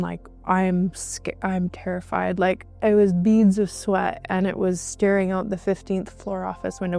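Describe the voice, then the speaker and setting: A woman guest recounting a personal experience in conversation, halting, with frequent restarts and fillers. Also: mid-range voice, a little mellow. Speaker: interview guest.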